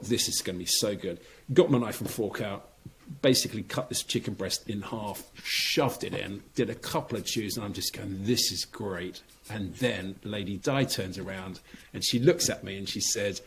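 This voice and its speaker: A middle-aged man, a former competitive swimmer, telling an anecdote as a podcast guest and acting out the moments he describes. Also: on the low side. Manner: animated anecdote teller who acts out the scene. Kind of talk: casual storytelling interview.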